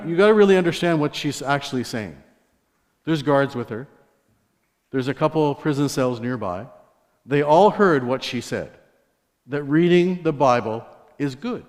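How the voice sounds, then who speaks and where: A man's voice: a little high, lively intonation, normal speed, a little mellow. A man giving a sermon testimony, telling stories in a conversational way with asides to the congregation. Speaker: guest preacher. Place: church sanctuary. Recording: long church hall reverb.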